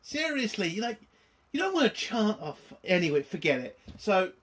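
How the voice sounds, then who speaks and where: A man's voice: high voice, sing-song, normal speed, fairly bright tone. A man giving a casual spoken review of a TV episode, exasperated and sarcastic, swearing often.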